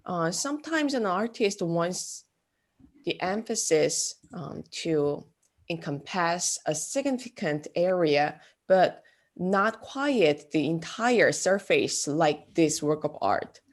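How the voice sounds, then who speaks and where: A woman giving a classroom art lecture, speaking haltingly with many fillers. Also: fairly low pitch, lively intonation. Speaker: art instructor.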